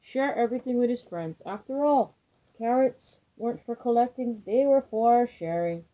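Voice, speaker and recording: A woman reading a children's picture book aloud with expressive, lively storytelling. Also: fairly high pitch, normal speed. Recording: dull lo-fi recording.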